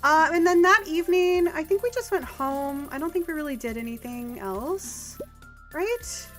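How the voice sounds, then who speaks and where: A woman's voice: high voice, lively intonation. A woman streaming a farming game, rambling in casual chat with lots of filler words. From Canada. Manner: rambling and chatty, with filler words and quick laughs. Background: faint game music.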